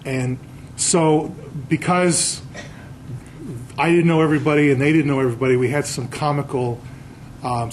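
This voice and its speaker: A man's voice: a little high, a little hiss or hum, rough recording. A man, an author, giving a casual slide lecture to an audience, telling anecdotes and quizzing the crowd. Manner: chatty storyteller, quizzing the audience.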